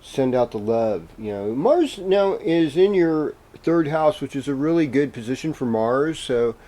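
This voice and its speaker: A man reading horoscopes as the host, in a casual, meandering way with gentle pauses and fillers. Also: medium pitch, animated. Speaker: astrologer host.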